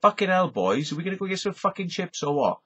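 Welsh man playing a hungry Welsh lad, Welsh accent, sweary, raised voice, husky. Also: sits high, very animated, fast talker, pitched above the performer's own voice, heavily acted. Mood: rowdy. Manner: loud, profane, pleading. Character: hungry rowdy young Welsh lad craving chips. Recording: dull lo-fi recording.

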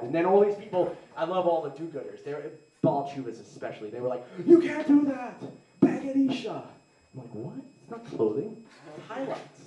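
A young adult man doing a rambling, self-deprecating stand-up comedy set, slipping into quick put-on voices of the people he mocks. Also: medium pitch, darkish tone. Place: live comedy venue with audience. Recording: roomy live venue, mic picked up from a distance.

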